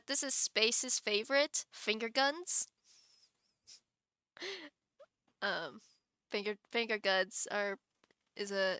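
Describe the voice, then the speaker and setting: Giggly woman streamer, slow bright voice. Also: medium pitch, clean tone, dry recording, clean studio sound. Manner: giggly, rambling with many restarts. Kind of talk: casual live-stream chat.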